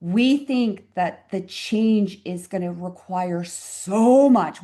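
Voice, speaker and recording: A woman's voice: mid-range voice, takes it slowly, hardly any pauses, warm tone. A woman in her fifties speaks as a podcast guest in a mid-range voice. She tells stories earnestly and reflectively. She leans on key words for emphasis. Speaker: physician guest. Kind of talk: conversational interview storytelling.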